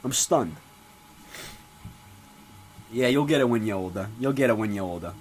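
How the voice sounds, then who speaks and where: A man's voice: moderate pace, a little hiss or hum, close to an everyday voice. A man playing a foul-mouthed, brash middle-aged father in a comedy sketch, rambling and ranting with lots of swearing. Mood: boasting. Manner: profane rambling rants with animated pitch swings. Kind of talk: comedy sketch character monologue.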